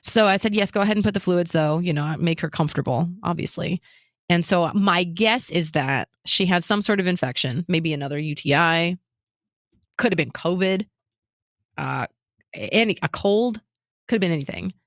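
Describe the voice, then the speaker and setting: Woman retelling a story, lively and candid. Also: on the low side, moderate pace, no echo, clean studio sound. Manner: animated retelling that acts out other people's lines, with nervous laughs. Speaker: podcast co-host. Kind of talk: casual chat, personal storytelling.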